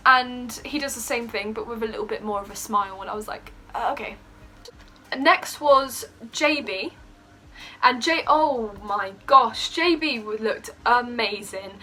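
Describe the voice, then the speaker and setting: A young woman telling a story in a casual vlog, excitable and gushing, laughing often. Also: a little high. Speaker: vlogger.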